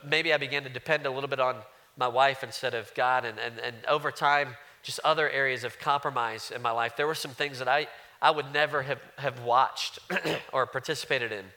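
Pastor, man in his 30s, crisp forceful tone, earnest chatty sermon delivery with restarts. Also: mid-range voice. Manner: earnest, conversational preaching with frequent restarts.

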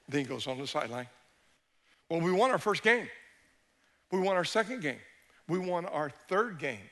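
A middle-aged man, a pastor, telling a story in a sermon, animated and swinging between hushed and shouting. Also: a little high.

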